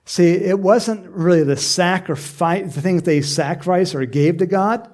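A man's voice: sits high, measured pace, darkish tone. A man preaching a conversational sermon as pastor, talking directly to the congregation and acting out little voices to make his points.

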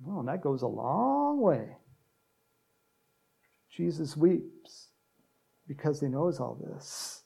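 Guy preaching a lively sermon, kinda high voice, jokes around with the crowd, yells out cheers. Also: takes it slowly, gravelly, pauses often. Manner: lively, acts out cheering crowds in loud shouts; joking asides to the congregation. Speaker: pastor.

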